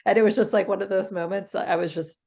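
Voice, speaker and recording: A woman's voice: mid-range voice, quick pace, vocal fry. A woman co-hosting a podcast, telling a travel story casually with frequent laughs and fillers. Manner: animated, laughs mid-story, many fillers. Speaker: podcast co-host.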